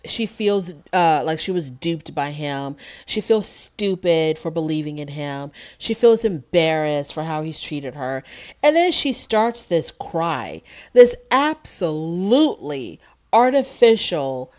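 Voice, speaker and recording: A woman hosting a casual reality TV review, sassy and animated, mocking the cast with acted-out quotes. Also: low-pitched, slow pace. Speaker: reality TV recap host. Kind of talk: casual solo review commentary.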